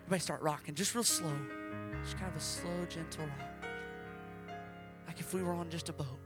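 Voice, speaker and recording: A man preaching at a children's service, telling the story dramatically and shouting out acted quotes. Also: fairly high pitch, fairly even intonation, fairly quick, over loud music. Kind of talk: interactive children's sermon.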